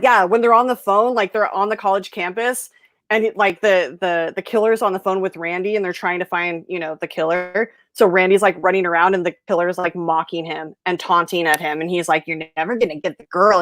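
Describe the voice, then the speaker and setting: A woman hosting a livestream, chatting casually in a blunt, animated way and laughing often. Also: on the low side, fairly quick, a little hiss or hum. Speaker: host. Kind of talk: casual chat. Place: home, on a livestream.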